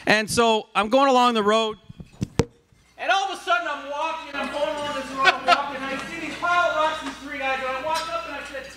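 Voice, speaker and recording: A man's voice: very high-pitched, fairly quick, pushed and bright, a little hiss or hum. A middle-aged man, a football coach, giving a humorous induction speech full of anecdotes. He speaks into a corded microphone at an awards banquet. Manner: jokey storyteller, acts out dialogue. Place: banquet hall at an awards ceremony. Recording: echoey hall, voice from a distance.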